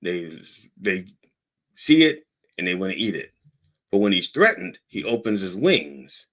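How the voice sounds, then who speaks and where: A man's voice: sits low, very animated, unhurried, fairly bright tone. A man hosting a podcast in a casual monologue, rambling and digressing as he talks. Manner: rambling, digressive, self-interrupting. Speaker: podcast host.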